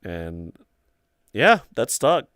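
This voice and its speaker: A man's voice: on the low side, sing-song, drawn-out words, fairly bright tone, smooth, dry recording, studio quality. A young man hosting a livestream chat, telling long rambling stories full of "like" and "um". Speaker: livestream host. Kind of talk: casual storytelling chat.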